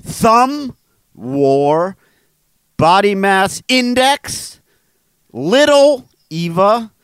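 A man co-hosts a word podcast in relaxed chat. He speaks slowly in a fairly high voice, trading goofy puns and laughing at them. The recording is close and dry. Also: clear, resonant tone, no room sound. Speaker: podcast co-host. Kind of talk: casual chat.

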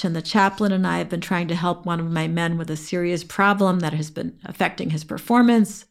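A woman podcast host reading an inspiring true story aloud in a clear, steady storytelling manner, lightly voicing the quoted dialogue. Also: on the low side, a little fast, few pauses.

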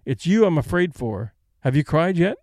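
A man reading as a brisk, stoic old lady. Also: fairly high pitch, big pitch swings, darkish tone, no echo, clean studio sound. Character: older woman, brisk, stoic, practical invalid.

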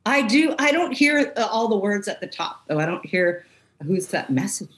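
A woman guesting on a podcast in casual chat, animated and giggly. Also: fairly high pitch, normal speed.

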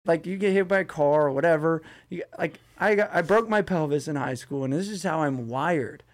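Man, entrepreneur guest, higher voice, blunt, animated storyteller, laughs often, casual interview. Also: brisk.

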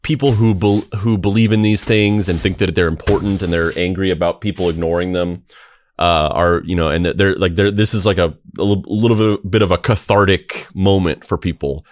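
A man's voice: sits low, fairly even intonation, a little fast, no room sound. A man hosting a podcast in casual chat, rambling, with many restarts and "like"s as he thinks aloud. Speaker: podcast host.

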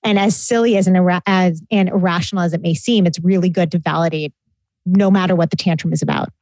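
A woman giving calm, measured parenting advice in a casual chat. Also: fairly low pitch, no room sound, poor audio.

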